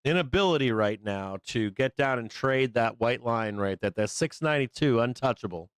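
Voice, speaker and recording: A man's voice: mid-range voice, animated, moderate pace, clear, resonant tone, no echo. A middle-aged man hosting a live trading stream, chatting casually in a blunt, profane way and laughing often. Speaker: live trading show host. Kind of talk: casual livestream chat.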